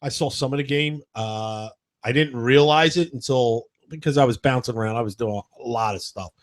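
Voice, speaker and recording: A man chiming in on a casual sports chat with short, halting remarks. His voice sits at an ordinary middle pitch for a man.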